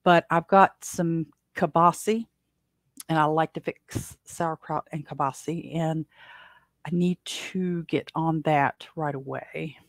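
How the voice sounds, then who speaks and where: A woman's voice: sits low, steady tone, takes it slowly, no room sound. A woman from the United States hosting her own podcast, chatting casually on her own and rambling with many fillers and restarts. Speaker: podcast host. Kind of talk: casual solo chat.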